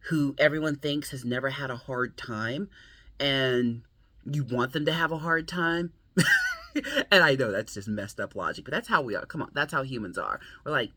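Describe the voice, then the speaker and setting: A woman's voice: rumbling low, sharp tone, no echo. An American woman hosting her book channel, chatting playfully and laughing often. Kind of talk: casual vlog chat.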